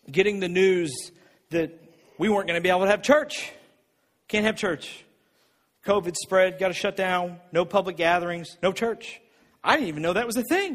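A man preaching a sermon as pastor, telling a personal story with emphatic, repeated phrases and a husky voice. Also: high-pitched, fairly bright tone. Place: church sanctuary. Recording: long reverb of a church hall.

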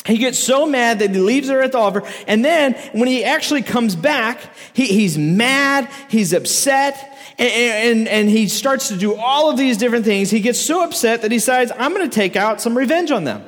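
A man's voice: very high-pitched, moderate pace. A man preaching a casual, joking sermon to a crowd, telling a story with frequent laughs. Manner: joking, animated, laughs often. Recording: echoey hall reverb.

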